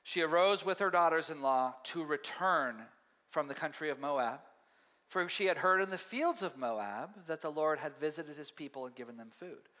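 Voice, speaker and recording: Animated high-voiced male pastor. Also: moderate pace. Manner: conversational, animated, acts out quotes. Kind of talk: sermon. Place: church sanctuary. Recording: long hall reverb.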